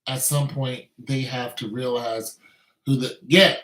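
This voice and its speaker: A man's voice: medium pitch, steady tone, unhurried, fairly bright tone, roomy sound, rough recording. A man delivering an opinionated monologue in an emphatic, repetitive rant. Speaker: commentator.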